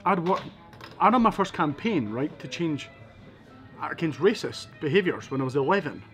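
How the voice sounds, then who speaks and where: A Scottish man telling his life story in a casual interview, quick and lively, acting out the people in his stories. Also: fairly high pitch, faint music behind. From Scotland. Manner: fast, lively storytelling with acted-out quotes.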